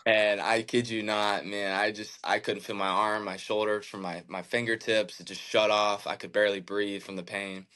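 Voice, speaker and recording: A man in his thirties, a podcast guest, telling a candid personal story in an earnest, halting way, with many fillers and restarts. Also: fairly low pitch, flat delivery, bright, forceful tone. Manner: emotional, reflective faith talk. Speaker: podcast guest, baseball pitcher.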